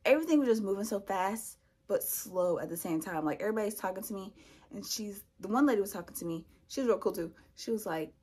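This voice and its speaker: Young woman, breathy voice, lively storytime vlog, acts out other people's lines. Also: medium pitch, quick pace. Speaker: vlogger.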